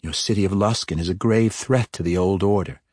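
A male narrator voices a young dark elf woman who is cool, composed and poised, speaking with calm assurance. His low voice moves fairly quickly, and the audiobook-style recording is dry and close, with no room sound.

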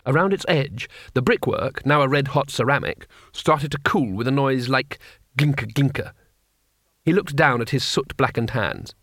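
A man narrating a comic fantasy audiobook with measured, wry timing. His voice sits at a middle pitch. The recording is dry and close. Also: animated, fairly bright tone, dry recording. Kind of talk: audiobook reading.

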